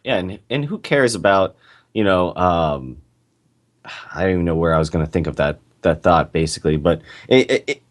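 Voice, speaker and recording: A man's voice: sits low, lively intonation, moderate pace. A man co-hosting a casual podcast over a call, laid-back and agreeable, hesitating with fillers. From North America. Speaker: podcast co-host. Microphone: call recording.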